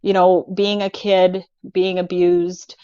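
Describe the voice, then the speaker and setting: A woman guest sharing her recovery story over a video call, halting and hesitant, full of fillers. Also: on the low side, level tone, mellow, clear, resonant tone, no room sound, muffled recording. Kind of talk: personal recovery testimony.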